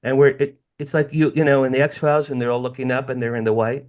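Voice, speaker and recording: A man's voice: medium pitch, level tone, quick pace. A middle-aged man from the United States, a podcast guest telling a personal story with emphatic repetition and direct asides to the hosts. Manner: emphatic, repeats phrases, addresses listeners as "you guys".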